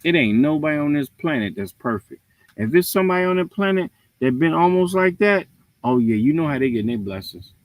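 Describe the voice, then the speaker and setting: A man's voice: fairly high pitch, a little fast, no echo. A man hosting a livestream, giving a casual, preachy rant with jokes. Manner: animated, preachy, joking. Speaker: livestream host.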